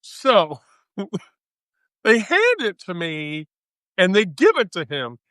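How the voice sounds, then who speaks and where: A woman hosting a live stream, telling a story in casual chat, animated and profane, laughing often. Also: mid-range voice, extremely slow, no echo.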